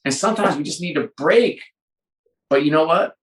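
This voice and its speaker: A man's voice: fairly high pitch, moderate pace. A middle-aged man, a business leader, talking in an interview, telling stories and acting out the dialogue. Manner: animated storyteller, acts out dialogue. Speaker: sports executive guest. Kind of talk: conversational interview. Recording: roomy echo.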